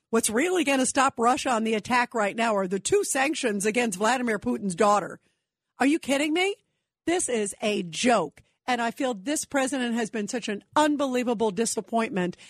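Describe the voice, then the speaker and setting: A woman's voice: on the high side, dry recording, studio quality. A woman hosting call-in talk radio, firing off indignant rhetorical questions in a political monologue. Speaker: radio talk show host.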